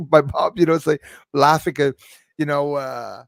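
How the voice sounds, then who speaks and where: A man's voice: fairly high pitch, animated, slow pace, vocal fry, dry recording, studio quality. A man who is a comedian hosting a live stream, chatting in a jokey, rambling way and laughing at his own lines. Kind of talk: casual live-stream chat.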